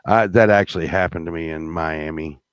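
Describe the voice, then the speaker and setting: Speaking at a moderate pace in a clear, resonant bass, a middle-aged man shares a profane, meandering anecdote as a guest, stumbling through fillers and restarts. He becomes louder and more heated as the tale unfolds, captured in clean studio audio without room sound.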